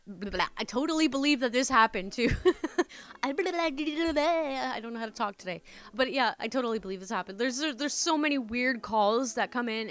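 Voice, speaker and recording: A woman's voice: fairly high pitch, a bit bright. A woman hosting a storytime channel, reading stories and chatting casually, swearing and calling listeners "my dudes".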